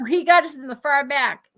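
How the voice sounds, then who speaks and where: Female co-host, high and bright, lively casual storyteller who mimics others. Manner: animated storyteller, acts out other people's lines. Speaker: podcast co-host.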